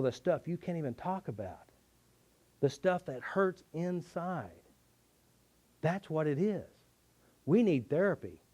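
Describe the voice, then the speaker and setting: A man's voice: fairly high pitch, mellow. A middle-aged man teaching a tapping therapy method, telling a personal story in an earnest, confessional way. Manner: earnest, confessional, with shifting emphasis.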